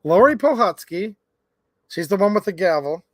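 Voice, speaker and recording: A man's voice: sits high, moderate pace, no echo, studio quality. Chatty man hosting a live stream. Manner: animated, chatty, reads viewer comments aloud. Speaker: livestream host. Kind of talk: casual livestream chat.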